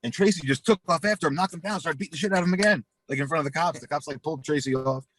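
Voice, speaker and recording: A man's voice: a little high, racing, a little hiss or hum. A man being interviewed, telling a rowdy story full of swearing and acted-out quotes. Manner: profane, animated storyteller acting out quotes. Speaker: interview guest.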